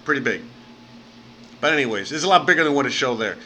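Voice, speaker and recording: A man's voice: medium pitch, animated, fast, bright, forceful tone, slight background noise, poor audio. A man from Miami chatting casually on a live stream, rambling with lots of fillers, swearing now and then and thanking viewers by name. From Miami, United States.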